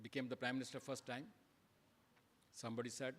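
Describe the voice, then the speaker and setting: A man preaches to a temple gathering at a middle pitch. He tells little stories, poses rhetorical questions and swings between quiet asides and loud emphasis. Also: little pitch movement, fairly quick, long pauses. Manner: storytelling, rhetorical questions, loudness rising and falling. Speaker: speaker at a temple program. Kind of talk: sermon.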